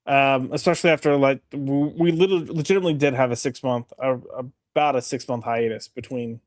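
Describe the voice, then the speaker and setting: A man's voice: mid-range voice, steady tone, fairly quick, no echo, clean studio sound. A man co-hosting a comics podcast, talking in an easygoing, rambling way with many fillers and restarts. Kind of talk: casual chat.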